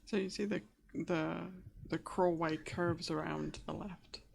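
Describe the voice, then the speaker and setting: A woman narrates a tabletop game as its game master, pausing often and restarting her sentences. Her voice sits a little low with a gravelly edge, and she takes her time. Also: fairly even intonation, a little mellow, slight background noise. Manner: hesitant, many fillers and restarts.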